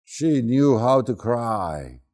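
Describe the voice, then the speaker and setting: A man's voice: medium pitch, very animated, drawn-out words, a little mellow. A man teaching, telling a personal story in an informal, storytelling way. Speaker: Human Design teacher. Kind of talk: talk to a group.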